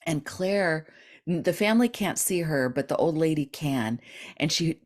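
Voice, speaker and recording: A middle-aged woman tells a long story as a podcast guest, with a fairly low voice. She acts out the people in it with sudden leaps in pitch. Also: normal speed. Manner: animated, acts out quoted voices with big pitch jumps. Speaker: guest author and dream expert.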